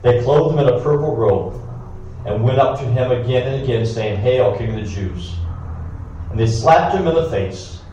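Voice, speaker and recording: A man reading scripture aloud with brief comments of his own, steady but with occasional stumbles and asides. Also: medium pitch, moderate pace, lo-fi sound, a little hiss or hum. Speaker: scripture reader. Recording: echoey room, distant mic.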